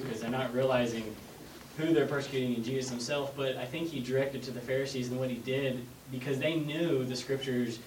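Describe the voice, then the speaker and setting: A man's voice: mid-range voice, steady tone, fairly quick, darkish tone. A man in a Bible class, thoughtfully explaining his view at length. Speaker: class member. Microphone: room mic far from speaker. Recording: distant, roomy, noisy room.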